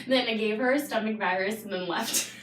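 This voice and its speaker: A young adult woman talks casually as a podcast guest, animated and quick to laugh. She sits a bit back from the mic. The room echoes around her voice. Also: mid-range voice. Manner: animated storyteller, laughs often. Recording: roomy, distant mic.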